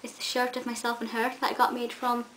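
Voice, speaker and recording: Young woman vlogging, chatty and gushing, bit high voice, slight hiss on the recording. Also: monotone, fast talker, a bit bright, poor audio. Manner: gushing, chatty, with many ums and restarts. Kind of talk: casual chat to camera. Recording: faint hiss.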